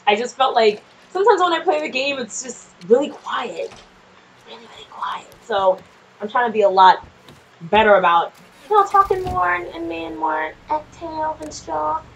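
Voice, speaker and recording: Woman streamer, higher voice that swings up and down, chatty, swears freely, jumpy in scary moments, faint hiss behind. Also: sing-song, moderate pace, low-quality recording. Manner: chatty, swears a lot, laughs often, talks to game characters. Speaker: gameplay streamer. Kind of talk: casual gameplay commentary. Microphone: desk microphone.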